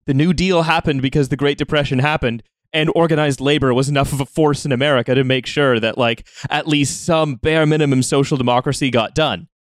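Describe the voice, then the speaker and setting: A man hosting a podcast, talking in casual chat with many halting restarts. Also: medium pitch, fairly even intonation, no room sound, studio quality. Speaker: podcast host.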